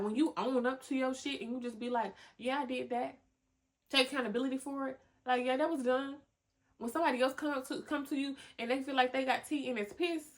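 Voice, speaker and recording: A young woman hosting a podcast, giving animated motivational talk full of slang, cussing and laughter. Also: on the high side. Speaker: podcast host. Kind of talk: motivational casual talk to listeners.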